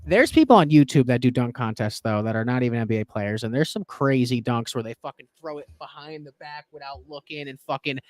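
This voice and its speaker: A man's voice: mid-range voice, a little fast, hardly any pauses, no room sound, studio quality. A young man co-hosting a sports betting show, rambling and swearing through casual chat. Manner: rambling, heavy swearing, animated. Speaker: sports betting podcast co-host.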